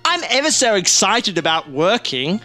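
A man voicing an eager, polite young male ferret in a comic story, prim and excitable. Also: high voice, moderate pace, soft background music, heavily acted. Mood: bright. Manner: prim, well-spoken and excitable.

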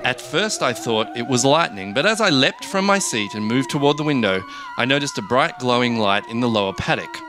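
A man reading a comic first-person story in a dry, deadpan way. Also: medium pitch, brisk, noisy background. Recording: background music.

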